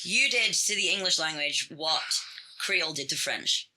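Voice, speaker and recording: A woman's voice: sits low, animated, moderate pace, sharp tone, slight background noise, rough recording. A Scottish woman from Scotland, a podcast guest trading dry, teasing quips in casual chat.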